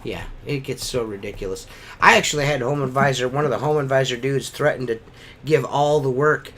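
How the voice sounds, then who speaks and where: A man on a podcast, talking crude casual banter, profane and rambling, getting animated. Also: mid-range voice, a little fast. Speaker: podcast host.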